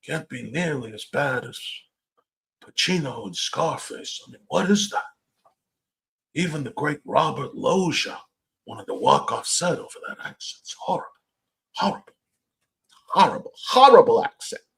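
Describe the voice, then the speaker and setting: A man's voice: a little high, moderate pace, gravelly, a bit bright, voice pushed up, low-quality recording. A man doing mocking put-on accents as a gangster-movie figure, heckling a character.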